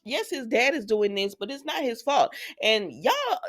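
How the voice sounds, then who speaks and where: A woman's voice: fairly high pitch, very animated, a little slow. A woman hosting a casual soap opera recap, chatty and opinionated, talking straight to her viewers.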